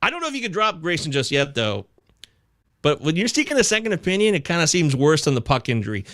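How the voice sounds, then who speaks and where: A man hosting a live fantasy baseball chat show, reading viewer comments aloud with excitable, casually profane banter. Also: a little high, dry recording, studio quality. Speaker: fantasy baseball podcast host.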